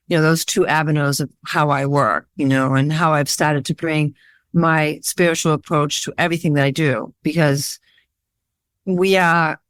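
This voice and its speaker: A woman photographer being interviewed, talking in a rambling, animated storytelling way with lots of fillers. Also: sits low, dry recording, studio quality. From Worcester, Massachusetts area. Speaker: guest, photographer. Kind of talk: casual interview chat.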